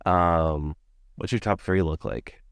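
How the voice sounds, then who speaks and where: A man's voice: low-pitched, slow, gravelly, clean tone, dry recording, studio quality. A man co-hosting a casual movie review podcast, chatty and full of fillers. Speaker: podcast co-host.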